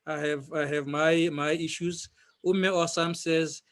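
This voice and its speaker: A South African man moderating a Q&A, asking questions in a deliberate, hesitant way. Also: on the high side, level tone, a bit bright.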